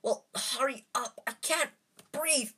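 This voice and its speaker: A woman voicing a brave young schoolboy wizard, reading a storybook aloud in a raised, higher voice. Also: a little slow. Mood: urgent.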